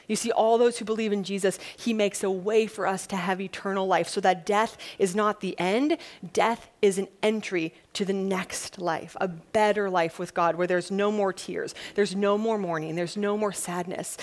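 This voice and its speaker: A woman's voice: mid-range voice, normal speed. Conversational woman preaching a sermon. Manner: conversational, plain-spoken, repeats key points; lively, acts out quotes in a mock-panicked voice.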